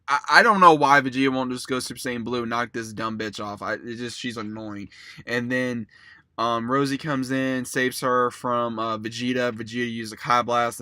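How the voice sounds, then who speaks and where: Bright-voiced man recapping an anime episode. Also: mid-range voice, clean tone, dry recording, studio quality. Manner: rambling, profane, retells scenes in quick summary. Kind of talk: casual review recap.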